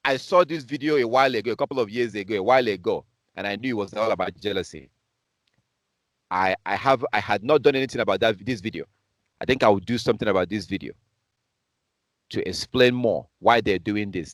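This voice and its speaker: A man's voice: lowish voice, moderate pace, no echo, studio quality. A man from Africa commenting on news clips as a preacher, in a heated, repetitive and scornful way. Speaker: online preacher.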